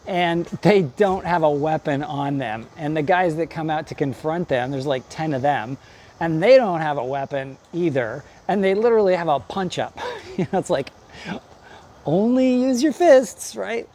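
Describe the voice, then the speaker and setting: A man's voice: a little high, a little mellow, slight background noise. A man giving a casual, rambling movie review with lots of fillers and frequent laughs. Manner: rambling, chatty, laughs often. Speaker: movie reviewer and acting coach.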